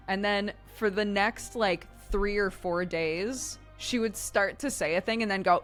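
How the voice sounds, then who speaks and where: A woman's voice: mid-range voice, a little slow, hardly any pauses, soft background music. A woman in her thirties chatting casually on a stream, telling a story and laughing often.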